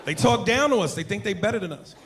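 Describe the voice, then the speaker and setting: A man's voice: high voice, expressive, fast talker, fairly bright tone. A man doing a brash, profane stand-up set on a comedy stage before a live audience. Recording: live club mic, crowd laughter.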